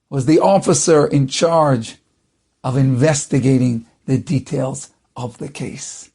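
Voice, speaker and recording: A man's voice: mid-range voice, takes it slowly, creaky, dark tone, slightly rough. A man, a rabbi, telling a story in a dramatic, varied way. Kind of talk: storytelling talk.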